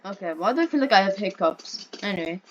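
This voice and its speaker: Speaking fast with lively intonation, a woman with a mid-range voice casually comments on her gameplay, and the highs in the audio are cut off. A gaming video creator, she playfully chats to the characters and begs them in mock panic, yelping as she goes.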